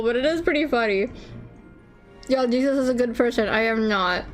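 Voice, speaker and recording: A woman's voice: a little high, fairly quick, soft background music. A woman streamer chatting casually with her viewers, giggly and swearing freely. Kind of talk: casual livestream chat.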